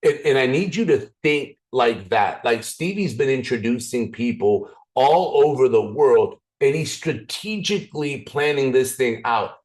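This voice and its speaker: A raspy man leading a motivational training call, excitable, swinging up and down and restarting his sentences often. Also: unhurried, few pauses. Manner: excited, repetitive, frequent restarts; swings up and down in pitch. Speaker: business opportunity trainer.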